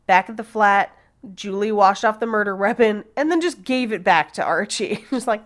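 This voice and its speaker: A woman's voice: medium pitch, moderate pace. A woman podcast host telling a true-crime story in a casual, chatty way, laughing and swearing now and then.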